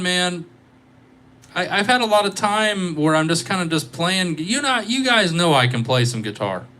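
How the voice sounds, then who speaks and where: A man's voice: sits high, pushed and bright, slight background noise. A tired man rambling and joking with his viewers as he hosts a casual live guitar stream on a microphone. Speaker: livestreaming guitarist.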